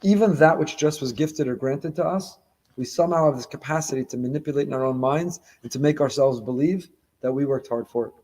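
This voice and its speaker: A middle-aged man, a rabbi, preaching on the weekly Torah portion with lively, dramatic delivery and Hebrew quotations. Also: medium pitch, brisk. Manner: animated preaching, acting out imagined dialogue, mixing in Hebrew quotations.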